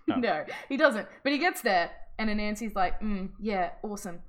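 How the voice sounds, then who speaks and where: A woman telling folk tales in casual chat with a friend, animated and swearing, acting out the characters as she goes. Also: mid-range voice, normal speed.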